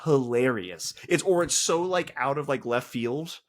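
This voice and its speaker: A man co-hosting a podcast, excitedly retelling movie scenes in casual chat. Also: medium pitch, measured pace. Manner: excited, acts out quotes in raised voices. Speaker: podcast co-host.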